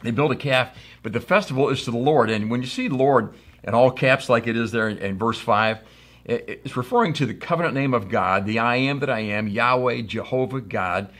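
A man's voice: mid-range voice, fairly quick, a bit bright. A middle-aged man from the United States preaching a conversational sermon, telling stories and acting out quotes. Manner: conversational storytelling with acted quotes. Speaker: pastor.

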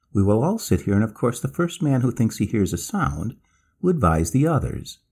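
A man narrating a classic ghost story, reading it with lively delivery and acting out the characters' lines. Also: fairly low pitch, slightly rough. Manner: lively, acts out quoted speech in narration.

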